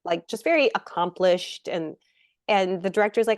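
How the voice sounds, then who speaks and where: A middle-aged woman, an actress guest in a casual interview, telling lively stories and acting out quotes. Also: medium pitch, normal speed, no echo, studio quality. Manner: animated storyteller, acts out quotes.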